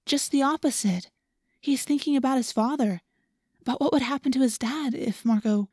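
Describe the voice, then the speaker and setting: A woman voicing a gentle, thoughtful teenage girl who speaks softly and reflectively. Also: mid-range voice, fairly even intonation, moderate pace, no echo, studio quality, close to an everyday voice. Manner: soft, hushed and reflective.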